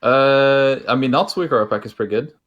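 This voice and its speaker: A man guesting on a gaming chat, explaining game tips in a relaxed way with frequent hesitations. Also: mid-range voice, a little fast, lo-fi sound. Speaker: guest player. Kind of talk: casual chat.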